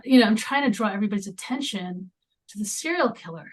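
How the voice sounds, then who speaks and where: A woman speaking as a podcast guest in a conversational interview, halting, with many fillers and restarts. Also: medium pitch. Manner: drops into near-whispers at times.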